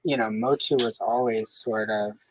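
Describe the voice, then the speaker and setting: A woman's voice: moderate pace, slight background noise, rough recording. Chatty woman hosting a coloring livestream. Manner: chatty, filler-heavy, lively swings in pitch. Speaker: livestream host. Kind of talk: casual chat while coloring.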